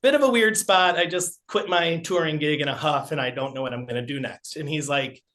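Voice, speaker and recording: A man's voice: on the high side, steady tone, a little fast, a bit bright. A middle-aged man and podcast guest, telling casual, rambling anecdotes full of fillers. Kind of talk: casual storytelling.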